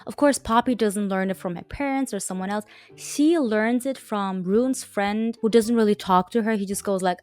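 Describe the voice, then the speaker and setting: A woman's voice: medium pitch, moderate pace, a little mellow, no room sound, soft background music. A woman reviewing a book in a sarcastic roast, swearing, with exasperated asides.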